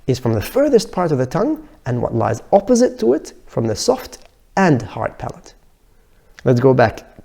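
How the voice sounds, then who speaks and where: Male teacher with Arabic as his first language, dark gravelly voice, patient, repeats sounds slowly for pronunciation drills. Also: medium pitch, expressive. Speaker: Tajweed teacher. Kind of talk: recorded lesson.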